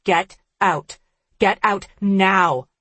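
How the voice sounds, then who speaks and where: A woman voicing a frightened man woken at night, speaking in an urgent, hushed way. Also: mid-range voice, very slow, no room sound. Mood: hissing.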